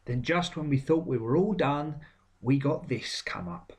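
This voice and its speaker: A man's voice: a little high, measured pace, a little mellow. A man giving blunt, sweary, opinionated commentary on video game trailers. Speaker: game vlogger. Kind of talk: casual commentary.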